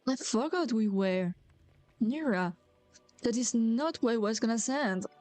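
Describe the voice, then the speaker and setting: A woman's voice: fairly high pitch, expressive, unhurried, a little mellow, dry recording. A woman streamer reading a role-playing game's dialogue aloud and taking every character's lines herself, with playful asides to her viewers. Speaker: VTuber streamer. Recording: faint music behind the voice.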